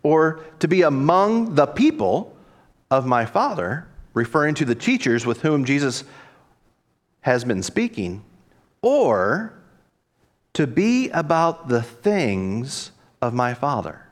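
A man's voice: mid-range voice, sing-song, takes it slowly. A man, a pastor, delivering a reflective sermon and voicing quoted dialogue expressively.

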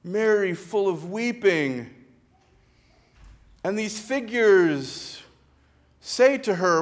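A male preacher gives a sermon in a high, lively voice whose pitch climbs and falls over a wide range. His delivery is slow and dramatic, full of pauses, and he sinks into hushed tones to retell parts quietly and add emphasis.

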